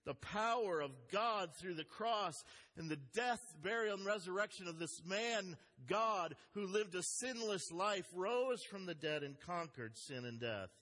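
Here a male pastor preaches with earnest conviction, giving emphasis to the scripture he reads aloud. He speaks a little slowly in a high, sharp voice with lively intonation, and the sound carries a long hall reverb.

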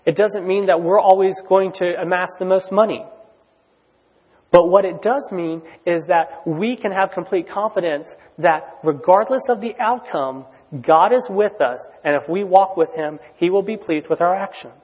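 A man preaching a sermon in a conversational, excitable way, with lots of "like" and "you know". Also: sits high, normal speed, breathy edge. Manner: conversational, filler-heavy, excitable. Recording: long hall reverb.

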